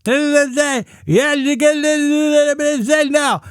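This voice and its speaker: A man voicing a woman cashier with slurred, garbled speech, much higher than his own voice. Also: steady tone, moderate pace, no echo, studio quality. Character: high-pitched muddled woman cashier, hard to understand.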